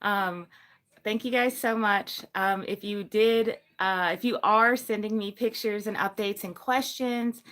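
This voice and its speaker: A woman's voice: mid-range voice, fairly even intonation, unhurried, fairly bright tone. A woman hosting a casual livestream about her gecko breeding business, chatty and rambling, cooing over her geckos. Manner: rambling with many ums and likes.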